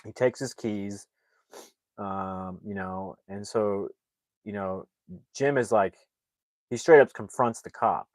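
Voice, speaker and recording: Male movie reviewer, lowish voice, casual rambling recap, dry close sound. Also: slow, long pauses, no room sound. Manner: rambling, heavy on fillers and restarts.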